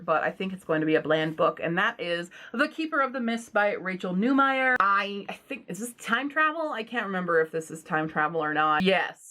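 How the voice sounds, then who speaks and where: A woman's voice: on the low side, pushed and bright. A woman book vlogger talking casually and bluntly, with self-deprecating asides. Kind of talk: casual book unhaul vlog.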